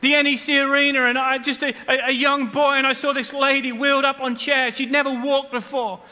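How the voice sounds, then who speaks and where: A man, preaching a sermon and telling stories with loud bursts and hushed asides. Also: very high-pitched, a little fast, big-room sound. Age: 40s. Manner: animated storytelling, swings between loud bursts and hushed asides. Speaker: pastor. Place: large church hall.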